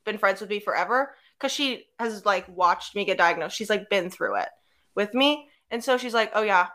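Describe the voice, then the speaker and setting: Young woman co-host just chatting, bright forceful voice, tells stories by doing everybody's lines. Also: mid-range voice, moderate pace. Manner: animated storytelling, acting out quotes. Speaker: podcast co-host. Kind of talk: casual chat.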